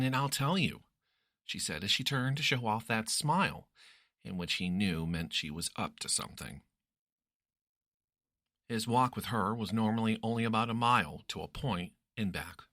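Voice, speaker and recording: A man reading a story aloud as narrator in an expressive, lively way. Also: lowish voice, no room sound, studio quality.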